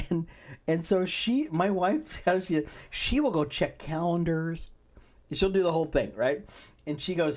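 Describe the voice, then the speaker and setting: Chatty, laughing podcast host. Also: male voice, a little high, animated, unhurried, darkish tone. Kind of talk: casual podcast chat.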